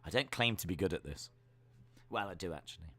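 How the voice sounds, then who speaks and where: A man's voice: deep voice, lively intonation, quick pace, bright, forceful tone. A man hosting a live wrestling watch-along, chatting in a rambling, playful way. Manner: rambling, playful, thinking aloud. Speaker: stream host.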